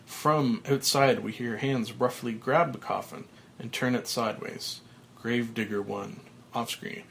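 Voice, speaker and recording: A man's voice: mid-range voice, a little slow, gravelly, slight background noise. Man reading stage directions, matter-of-fact. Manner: steady, matter-of-fact, with small slips. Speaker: podcast host reading a film script.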